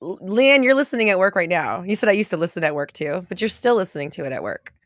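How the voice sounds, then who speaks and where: A woman's voice: fairly low pitch, expressive, fast, no room sound, clean studio sound. A woman with a valley girl accent hosting a podcast livestream, chatting casually and reading out viewer comments in a bubbly, chatty way with lots of fillers. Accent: American valley girl. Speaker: podcast host. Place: home studio.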